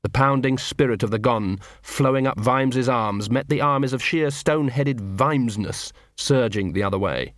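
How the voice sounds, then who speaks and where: A man reading a novel aloud as an audiobook narrator, in a measured, dramatic storytelling manner. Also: medium pitch, dry recording, studio quality. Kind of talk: scripted narration.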